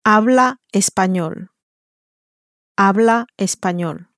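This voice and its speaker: A woman's voice: mid-range voice, slow pace, a bit bright, no room sound, studio quality. A woman in an audio language lesson, modeling each answer by saying it twice. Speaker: native speaker modeling answers.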